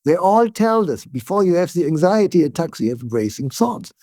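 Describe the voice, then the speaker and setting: A neuroscientist guest speaking as an English speaker, explaining ideas in calm conversation and often checking in with "yeah?". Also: male voice, high-pitched, no echo, studio quality. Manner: tag "yeah?" questions, frequent restarts, calm and deliberate.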